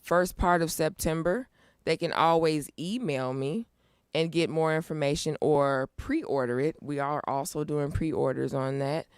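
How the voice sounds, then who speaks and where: A woman's voice: sits low, a little slow, clear, resonant tone, no room sound, clean studio sound. A middle-aged woman talking as a guest in a casual interview, upbeat and emphatic as she talks. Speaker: guest, nonprofit founder.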